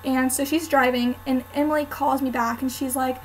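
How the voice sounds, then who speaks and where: A woman's voice: sits high, flat delivery, normal speed, hardly any pauses, a little mellow, a little hiss or hum, rough recording. A young woman vlogger chatting casually to camera, telling a story with lots of "um" and "like". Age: student.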